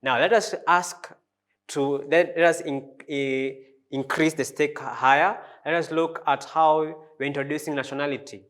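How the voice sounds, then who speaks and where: A man teaching a French lesson, repeating each phrase slowly and spelling out the pronunciation. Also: fairly high pitch, fairly even intonation, a bit bright. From Africa. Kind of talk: language lesson.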